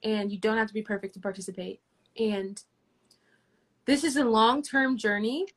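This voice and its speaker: A woman's voice: medium pitch, fairly even intonation, moderate pace, a bit bright. A woman answering as a guest in a livestream interview, earnest and encouraging, with restarts.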